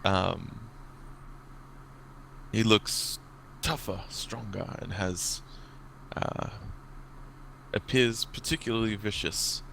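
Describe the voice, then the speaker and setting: A man narrating as dungeon master in a tabletop game, relaxed and halting with many fillers. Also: lowish voice, vocal fry, background noise.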